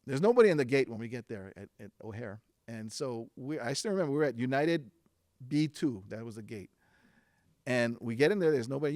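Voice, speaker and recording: A man's voice: fairly high pitch, no room sound, clean studio sound. Man telling a story on stage. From Hawaiʻi. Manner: relaxed and conversational, with frequent fillers and restarts. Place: stage before a live audience.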